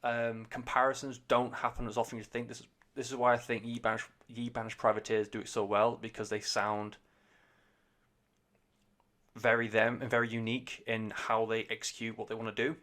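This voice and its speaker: A man's voice: medium pitch, little pitch movement, fairly quick, fairly bright tone. A man hosting a podcast, giving a casual, rambling album review full of swearing, fillers and restarts. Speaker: podcast host, music reviewer.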